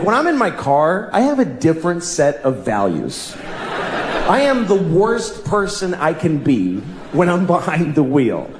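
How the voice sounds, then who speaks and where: A man delivers a stand-up set in a large, echoing hall, and audience laughter rises behind him. His fairly high voice swings widely, from a low, exasperated mutter up to yelled punchlines. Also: a little hiss or hum. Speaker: stand-up comedian. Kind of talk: stand-up comedy routine.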